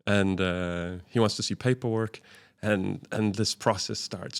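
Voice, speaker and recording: A man's voice: fairly low pitch, measured pace. A man, a guest in an interview, telling a vivid travel anecdote and acting out the dialogue he quotes. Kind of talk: storytelling in a conversational interview.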